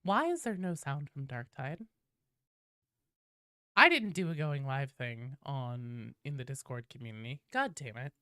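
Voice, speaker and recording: A woman streaming live while sick with a cold, chatting casually and shouting loud, profane greetings to her viewers. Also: rumbling low, animated, unhurried, clear, resonant tone, dry recording, clean studio sound.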